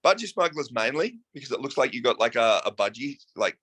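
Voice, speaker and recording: A man's voice: mid-range voice, sing-song, a little fast, fairly bright tone, slightly rough. A man with an Australian accent, chatting as a guest in a casual interview, laughing often and swearing casually. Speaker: guest musician.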